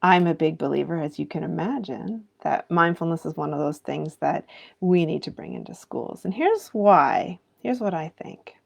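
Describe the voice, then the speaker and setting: A woman in her thirties or forties speaks as a mindfulness teacher, addressing educators in an earnest, reflective live talk. Her voice sits a little low and carries a gravelly fry. She keeps turning rhetorical questions back to her viewers. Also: animated, moderate pace, highs cut off.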